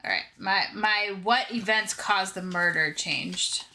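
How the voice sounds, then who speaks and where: A woman hosting a casual board game playthrough, chatty and quick to agree. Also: medium pitch, pushed and bright. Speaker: board game video host.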